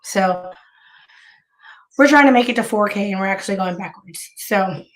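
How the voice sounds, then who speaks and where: A woman live streamer chatting casually to her viewers, hoarse with bronchitis, with heavy vocal fry and a rambling way of talking full of restarts. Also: mid-range voice, normal speed, slight background noise.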